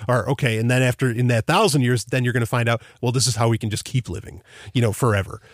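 A man's voice: mid-range voice, fairly even intonation, quick pace, no room sound, clean studio sound. A man hosting a podcast, musing in casual conversation with lots of fillers and restarts. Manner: rambling, thinking aloud with many fillers and restarts. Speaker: podcast host.

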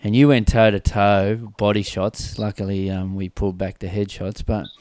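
A middle-aged man hosting a conversational interview, an animated storyteller who laughs often and talks in bursts. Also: on the low side, normal speed. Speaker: host and former team staff member.

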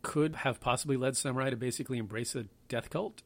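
A man's voice: mid-range voice, quick pace. A man hosting a history podcast, talking in a rambling, offhand way with self-deprecating asides. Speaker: podcast host. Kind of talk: casual history podcast talk.

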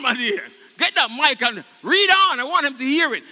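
A male pastor preaching a sermon, leading his congregation in call and response and swinging between loud shouts and hushed tones. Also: extremely high pitch, expressive, moderate pace, hardly any pauses, big-room sound, slight background noise. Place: church sanctuary.

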